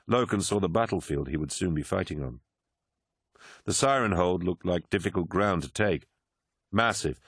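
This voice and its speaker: A man narrating an audiobook in a steady, even storytelling manner. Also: deep voice, no room sound, clean studio sound. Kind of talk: scripted narration.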